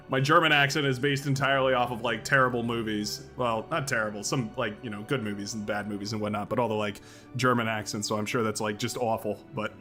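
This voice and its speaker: A chatty man livestreaming a strategy game, thinking out loud and getting excited as things happen. His voice is bright and forceful. Faint music plays quietly underneath. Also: mid-range voice, fast talker. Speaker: streamer playing a strategy game. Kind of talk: live game-stream commentary.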